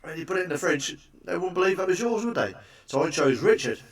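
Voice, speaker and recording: A man's voice: high voice, very animated, fast, recorded from a distance. Swearing man telling crude jokes. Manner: swearing, chatty, asks the listener for agreement. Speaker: stand-up comedian. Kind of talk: crude stand-up one-liners.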